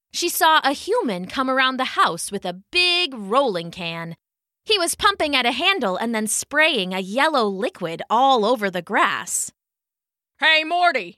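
A woman narrating a children's story in an expressive, unhurried reading. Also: fairly high pitch, no echo, studio quality.

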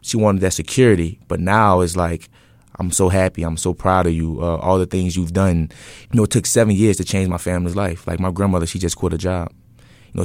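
A young man in his twenties with a very low voice tells his own story to an interviewer. He talks casually and earnestly, often pausing on fillers and restarting his sentences. The sound is dry and close to the mic. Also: dry recording. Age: 20s. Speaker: interview guest, entrepreneur.

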